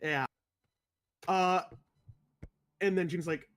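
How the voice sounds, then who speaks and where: A man's voice: sits high, unhurried, pauses often. A man co-hosting a casual film discussion podcast, talking loosely with lots of swearing and frequent laughs. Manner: profane, laughs often. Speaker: podcast co-host.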